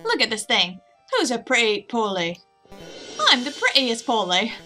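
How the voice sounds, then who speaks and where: A woman puts on a boastful bird guard who talks like a pirate and brags. The voice sits high and bright. Soft music plays underneath. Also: big pitch swings, moderate pace, exaggerated voice. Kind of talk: game dialogue read aloud.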